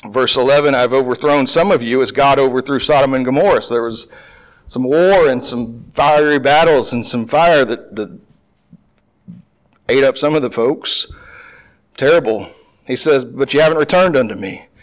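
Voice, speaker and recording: A man's voice: mid-range voice, normal speed, rough recording. A man teaching through a Bible passage verse by verse, reading the old text aloud and then explaining it in everyday words, often restarting his sentences. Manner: conversational, with frequent restarts and filler; reads scripture aloud and then explains it plainly.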